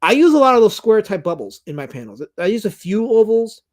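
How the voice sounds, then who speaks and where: A man's voice: sits high, sing-song, a little fast. Rambling male livestream host. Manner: rambling, many restarts and fillers. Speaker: livestream host reading chat. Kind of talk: casual livestream talk.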